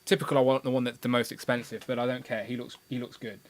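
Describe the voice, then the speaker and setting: A man's voice: mid-range voice, little pitch movement, fast talker, no echo. A man hosting a casual live stream about toys, joking and reading out viewer comments. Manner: jokey, reads out viewer comments. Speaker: livestream host.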